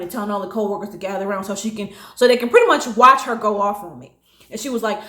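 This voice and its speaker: A woman in her late twenties, casually telling a personal story, animated and acting out what others said. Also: fast. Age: late 20s. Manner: animated, acting out quotes with big pitch jumps. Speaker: storytime vlogger. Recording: echoey room.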